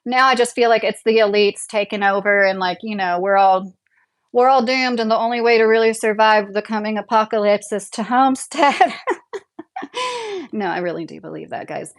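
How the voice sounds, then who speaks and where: A young woman talks to her viewers in a casual livestream from her home. She reads their comments aloud and answers them, opinionated and quick to laugh, with a voice at an ordinary pitch for a woman. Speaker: livestream host. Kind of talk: casual live chat reading comments. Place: home, a double-wide trailer.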